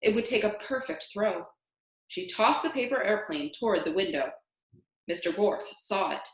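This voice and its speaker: A woman reads a children's storybook aloud, with expression in every line. Her pitch rises and falls a lot. The recording sounds echoey. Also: moderate pace. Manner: expressive, animated. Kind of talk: reading a children's book aloud. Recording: echoey room.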